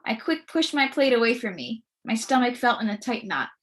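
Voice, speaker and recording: A woman reading a children's book aloud with lively, expressive storytelling. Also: a little high, normal speed. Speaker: storybook reader.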